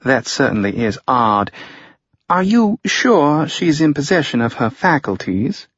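A male narrator voicing a brisk woman operative handler with a Southern accent, clipped, precise and matter-of-fact. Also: mid-range voice, lively intonation, no echo, dull audio, pitched above the performer's own voice. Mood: crisp.

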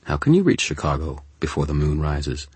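A man's voice: rumbling low, big pitch swings, a little fast, a little mellow, breathy edge, dry recording, heavily acted. A man voicing a haughty, aloof young woman who speaks in a cold, disdainful, clipped way.

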